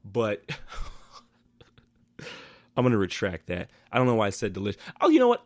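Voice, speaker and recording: A man hosting a casual solo podcast, recapping a TV episode in a rambling, profane way with animated outbursts. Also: medium pitch, no room sound.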